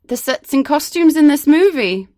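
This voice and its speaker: A woman with a high, bouncy voice teases her partner and plays along with the comedy bit. Her pitch swings widely as she talks. The recording is dry and close, with no room sound. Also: expressive, normal speed, darkish tone, no room sound. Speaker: podcast co-host. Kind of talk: improvised comedy chat.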